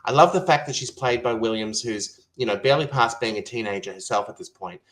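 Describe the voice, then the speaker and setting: A man's voice: mid-range voice, fairly quick, a bit bright, poor audio. A man appearing as a guest on a podcast, speaking in a hesitant, filler-heavy but enthusiastic way. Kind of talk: casual conversational podcast discussion.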